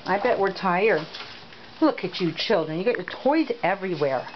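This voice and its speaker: At normal speed and in a lowish, expressive voice, a woman narrates her home video while caring for foster dogs inside and outside. She sweet-talks them along sing-song style; the handheld camera's audio is dull, lo-fi and very noisy.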